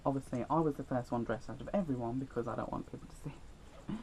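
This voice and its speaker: A man's voice: medium pitch, fast, darkish tone, a little hiss or hum, poor audio. Teen boy vlogger, rambling and self-deprecating, telling school stories. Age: teens. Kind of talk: storytime vlog.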